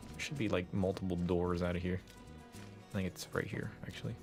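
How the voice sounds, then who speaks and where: A man's voice: low voice, fairly even intonation, brisk, over music. A young man casually commenting on a game he is streaming, laughing often and saying "like" a lot.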